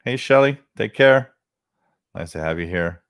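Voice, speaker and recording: A man talks on his livestream in a loose, rambling way, drifting between stories and shout-outs to viewers. His voice sits on the low side. The sound is dry, with no room around it. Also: animated, unhurried, no echo. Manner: rambling storytelling, greeting chat viewers by name. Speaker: livestream host. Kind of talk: casual chat.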